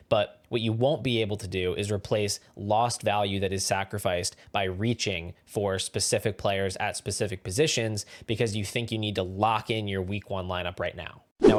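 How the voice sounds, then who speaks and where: Man, lowish voice, channel host, scripted commentary, steady explanatory delivery. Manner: steady, explanatory, advice-giving. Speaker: fantasy football channel host.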